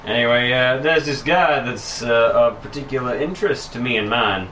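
A man voicing a male Texan adventurer, hesitant and full of pauses. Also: mid-range voice, pushed and bright, reverberant, recorded from a distance, a little hiss or hum, natural voice. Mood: friendly.

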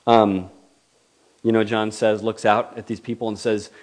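A man's voice: lowish voice, flat delivery, measured pace. Conversational male preacher. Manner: conversational, questioning, acts out quoted voices. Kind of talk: sermon.

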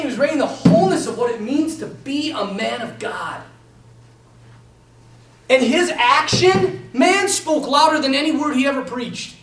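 A young man teaching a class in a lively, animated way, talking to his students as "man" and "you guys.". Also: very high voice. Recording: echoey room, mic from a distance.

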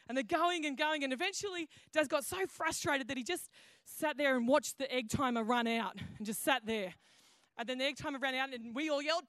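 A woman's voice: sits high, quick pace, a bit bright, no room sound. A woman pastor preaching a sermon in a chatty storytelling way, with many restarts and fillers. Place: church auditorium.

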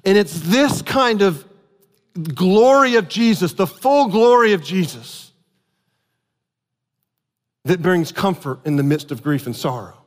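A man preaching a sermon, telling a family story with animated outbursts and earnest explanation. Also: sits high, unhurried, pauses often. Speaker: pastor. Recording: long hall reverb.

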